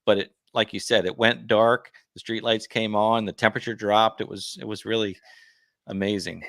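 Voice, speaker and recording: A man's voice: on the low side, level tone, normal speed, vocal fry, fairly bright tone, no echo, clean studio sound. A man hosting a gardening livestream, chatty and friendly, announcing giveaways and asking questions. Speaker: livestream host.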